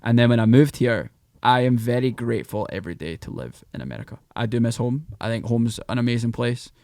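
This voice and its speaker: A man with a Scottish accent, a podcast guest who talks in animated, rambling bursts. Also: mid-range voice, fairly quick, dry recording, studio quality. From Scotland. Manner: animated, rambling, breaks into mock voices. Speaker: podcast guest, country singer. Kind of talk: casual podcast chat.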